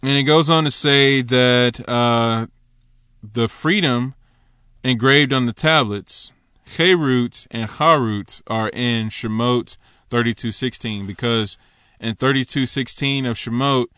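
A man teaching on the Torah in a casual, conversational way, slipping into animated asides. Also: mid-range voice, takes it slowly, clean tone, dry recording.

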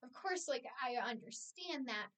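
A woman's voice: sits high, expressive, normal speed, fairly bright tone. A young woman co-hosting a casual podcast, playful and explaining her ideas at length. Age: young adult. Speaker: podcast co-host. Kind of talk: casual chat. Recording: too far from the microphone.

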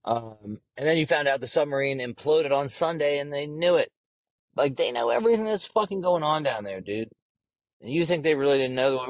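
A man's voice: mid-range voice, lively intonation, fairly quick, no room sound, poor audio. A young man hosting a casual solo podcast, talking in a brash, profane and rambling way. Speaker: podcast host.

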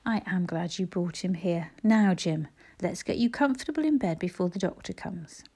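A woman voicing a kind, practical mother in a storybook reading, brisk and caring. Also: lowish voice, animated, warm tone, slightly rough.

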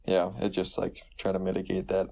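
A young man with a very deep, gravelly voice, bantering on a casual podcast. He is laid-back and joking, and he pads his sentences with lots of fillers. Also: completely flat delivery, fairly quick, dark tone. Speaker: podcast co-host. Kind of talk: casual chat.

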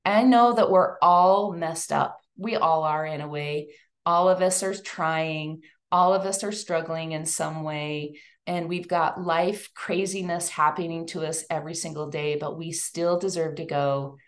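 A woman's voice: deep voice, a little slow. A woman giving a chatty, emotional talk to a live audience. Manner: chatty and emotional, lively asides. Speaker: speaker at a women's event.

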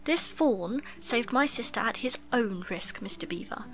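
A woman's voice: fairly high pitch, animated, a little slow, fairly bright tone, faint music behind. A woman voicing an eager, determined schoolboy in a storybook reading, urgent and tumbling.

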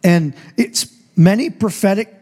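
A man's voice: sits high, unhurried, darkish tone, breathy edge. A man preaching a sermon as pastor, telling the story in a casual, joking way. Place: church stage.

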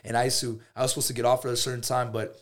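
A man's voice: medium pitch, rapid-fire. A man guest on a podcast telling a personal story in a casual, slangy way. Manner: animated and slangy, calls listeners bro.

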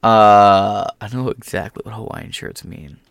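A man's voice: on the low side, steady tone, a little slow, gravelly, no room sound, clean studio sound. A young man talking through a casual commentary vlog, sarcastic and mocking, swearing freely. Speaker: political commentator.

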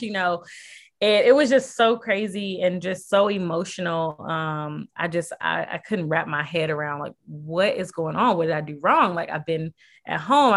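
A woman's voice: on the low side, a bit bright. Candid woman telling a personal story. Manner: candid, filler-heavy, acts out quoted voices. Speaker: guest sharing personal story.

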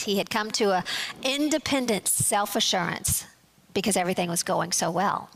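Woman teaching a Bible lesson, measured. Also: medium pitch, a bit bright. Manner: measured, explanatory, reads scripture aloud.

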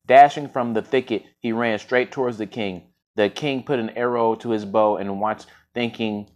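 A man's voice: fairly low pitch, fairly even intonation, moderate pace, hardly any pauses, darkish tone. A man reading a fable aloud for a podcast, often tripping over words and correcting himself, with casual slangy asides. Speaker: podcast storyteller. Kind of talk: story reading with casual commentary.

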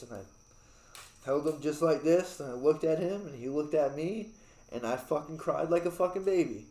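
A young man talks in loose, rambling casual chat, peppering his story with swearing and filler words. His voice sits a little high, and it bounces around an echoey room. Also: moderate pace, dark tone. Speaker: new father.

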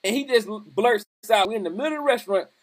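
High-voiced animated man telling stories. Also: rapid-fire. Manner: animated, laughing storyteller with military slang. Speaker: podcast host. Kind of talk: casual chat, storytelling.

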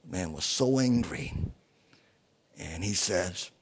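A man preaching a sermon as a guest speaker at a small church, halting with many fillers and pausing to ask the congregation rhetorical questions. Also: deep voice, lively intonation, breathy edge.

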